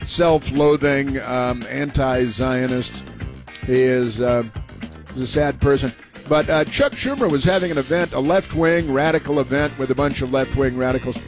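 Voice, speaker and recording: A man hosting a talk show, delivering combative political commentary at a middle pitch. He rambles, stacks up fillers and restarts, and keeps a faint music bed under his voice. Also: moderate pace.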